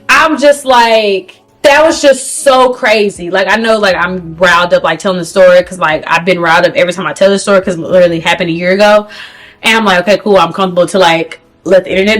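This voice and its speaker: A young woman vlogging a storytime to camera in an animated, slangy manner, talking to viewers as "girl". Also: on the high side. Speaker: beauty vlogger. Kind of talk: storytime vlog.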